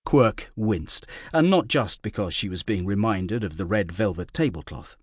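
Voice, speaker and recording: A man narrating a fantasy audiobook in a wry, measured storytelling manner. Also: on the low side, lively intonation, slightly rough, no room sound, clean studio sound.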